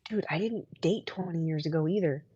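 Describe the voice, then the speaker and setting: A woman in her thirties tells rambling stories in casual chat, acting out people's quotes in lively voices. Her voice is low with a breathy edge and fairly quick, and the recording is dry and muffled.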